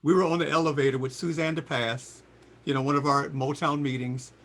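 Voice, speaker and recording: An older man in his sixties tells anecdotes as an interview guest. His voice sits fairly high, bright and forceful. He acts out quotes with sudden high jumps. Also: brisk. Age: 60s. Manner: lively storyteller, voices quotes with big pitch jumps. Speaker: singer and guest. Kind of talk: animated storytelling interview.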